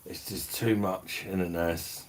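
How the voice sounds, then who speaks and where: Man, British accent, middle-aged, very low voice, blunt casual livestream chat, sweary slang. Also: steady tone, unhurried, a little hiss or hum. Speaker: beer review livestream host. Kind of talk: casual live-stream chat reading viewer comments.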